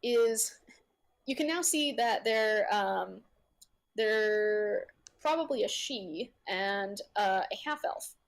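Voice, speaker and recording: A woman narrating as game master of a tabletop game. She talks haltingly, with many fillers and frequent laughs. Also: medium pitch, expressive.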